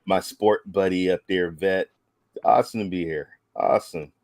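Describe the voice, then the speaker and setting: A man's voice: low voice, fairly even intonation, normal speed, darkish tone. A man co-hosting a casual chat, enthusiastic and repeating his praise. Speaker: co-host.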